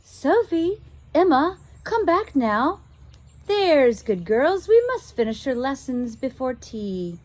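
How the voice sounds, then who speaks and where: A woman voicing a gentle, proper governess from an old-fashioned storybook, speaking slowly and genteelly. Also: sits high, big pitch swings, voice pushed up, exaggerated voice. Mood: coaxing.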